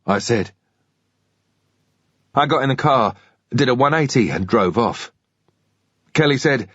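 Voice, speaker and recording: A man narrating a thriller audiobook in the first person, in a steady, measured way. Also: mid-range voice, slightly rough, no room sound, highs cut off.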